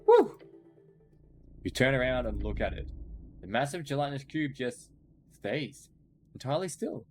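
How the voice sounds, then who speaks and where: A man's voice: medium pitch, lively intonation, normal speed, soft background music. Playful man reading a fantasy game. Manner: reads game text aloud and reacts playfully. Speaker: gaming streamer. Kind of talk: let's-play narration and reaction.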